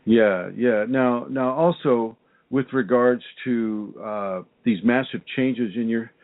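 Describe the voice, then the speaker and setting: A man's voice: mid-range voice, slow. Man interviewing over a tinny line. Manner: probing, with restarts and repeated words. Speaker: interview host and spiritual teacher. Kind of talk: conversational interview.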